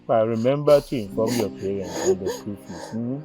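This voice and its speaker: A man's voice: lowish voice, expressive, natural voice. An actor playing a fawning male teacher who coaxes a crying schoolgirl, drawing out his words and ending lines with a pleading "eh". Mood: coaxing. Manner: coaxing, drawn-out, tag "eh" on lines. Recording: music bed behind the voice.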